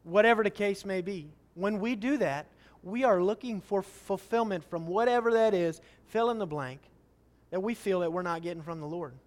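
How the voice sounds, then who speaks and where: A man's voice: sits high, moderate pace. A man preaching a sermon, reading Scripture and acting out the people's pleas with rising, emphatic questions.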